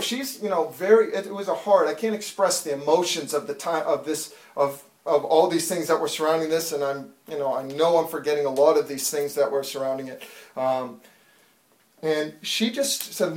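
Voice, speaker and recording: A man in his thirties giving a fervent testimony in church, building from storytelling to loud, pleading prayer. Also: a little high, normal speed, echoey room, recorded from a distance. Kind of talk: preached testimony.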